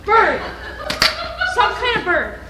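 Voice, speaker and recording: A young woman plays a chatty court jester with quick, playful patter. The voice is very high and swoops widely. It is heard in an echoey hall with noisy ambience. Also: big pitch swings, heavily acted. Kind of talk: amateur stage musical performance.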